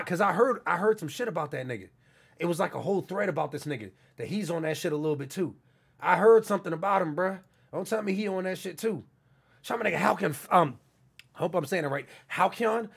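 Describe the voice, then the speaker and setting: A young man from New York talks quickly and casually on a live stream, shouting out donors in street slang. His voice is gravelly and forceful, with a rough, raspy edge, and sits a little high for a man. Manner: loud, hyped shout-outs to donors in heavy street slang. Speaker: livestreamer. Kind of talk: casual livestream chat reading out donations.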